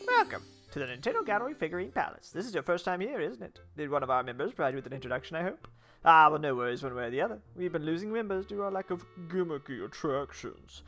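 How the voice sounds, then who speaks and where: A man's voice: on the high side, big pitch swings, fast talker, a bit bright, soft background music. A man voicing a fussy older male gallery sculptor with a put-on 1950s New York accent, in a grand, theatrical, welcoming manner.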